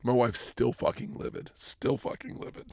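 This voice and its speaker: A comedian in his forties, guesting in a podcast studio, tells a story with acted-out dialogue, loud bursts of laughter and lots of swearing. He speaks at a moderate pace, in a studio-quality recording with no echo.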